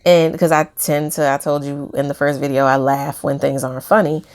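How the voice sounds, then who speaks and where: A woman's voice: sits low, level tone, normal speed. A woman sharing a reflective personal video diary, hesitant, with many fillers and small laughs. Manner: soft-spoken, hesitant, many fillers, laughs while talking about pain. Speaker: vlogger.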